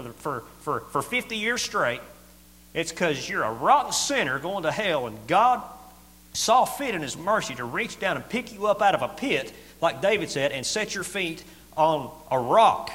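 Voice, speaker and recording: A middle-aged man preaching a sermon in a folksy, plain-spoken way, swinging from loud to quiet. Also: fairly high pitch, sing-song, moderate pace. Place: church hall. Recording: echoey hall with faint hum.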